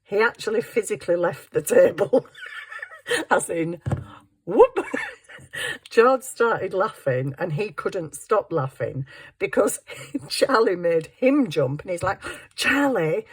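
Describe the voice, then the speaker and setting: A woman's voice: lowish voice, expressive, measured pace, breathy edge. A woman talking through her papercraft in a rambling, self-mocking way as she works at her desk at home. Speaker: papercraft vlogger. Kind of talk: chatty crafting commentary.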